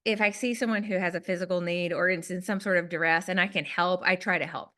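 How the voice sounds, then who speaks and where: With a fairly low pitch and a fast delivery, a woman with a Southern US accent recounts a personal story. She's a guest author on a podcast, and her telling is animated and self-deprecating.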